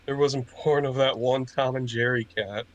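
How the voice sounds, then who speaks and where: A man's voice: medium pitch, steady tone, moderate pace, no room sound. A man chiming in with sarcastic quips during a story reading among friends. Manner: sarcastic interjections. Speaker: co-host. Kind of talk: casual chat.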